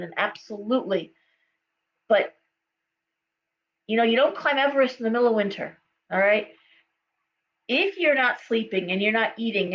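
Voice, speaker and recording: Woman doing a live tarot reading, kinda high voice, rambly chatty, lots of okays, muffled stream audio. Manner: chatty, storytelling, frequent okays and ums. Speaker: tarot reader. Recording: dull lo-fi sound with faint hum.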